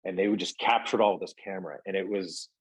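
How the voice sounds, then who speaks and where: A man's voice: low voice, fast, slightly rough, dry recording, poor audio. A middle-aged man, an actor guest, telling stories in a casual interview with lots of fillers and restarts. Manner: rambling, many fillers and restarts.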